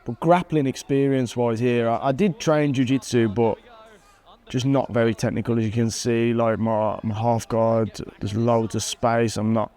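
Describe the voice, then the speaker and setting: Man, 30s, MMA fighter, casual fight commentary, mid-pitched, mellow tone, animated, chuckling. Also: normal speed. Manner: animated, chuckles at himself, bursts of excitement at big moments. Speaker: MMA fighter and channel host.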